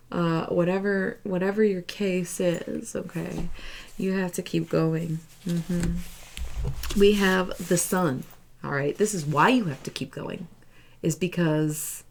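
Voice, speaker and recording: Gravelly-voiced woman giving a chatty tarot reading. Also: fairly low pitch, darkish tone. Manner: chatty, repeats "okay?" and "right?" to the viewer; slow, emphatic encouragement. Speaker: tarot reader.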